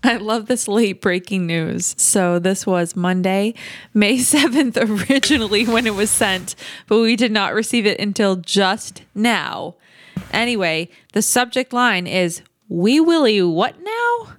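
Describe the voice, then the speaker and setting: A woman's voice: medium pitch, a little slow. A woman co-hosting a casual podcast, playful and often giggling, reading a listener letter. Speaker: podcast co-host.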